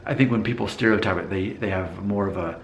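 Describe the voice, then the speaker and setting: Low-voiced American man musing casually. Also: quick pace, roomy sound, slight background noise. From United States. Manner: thoughtful, hesitant, with many fillers and restarts. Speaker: vlogger. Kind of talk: casual talk to camera.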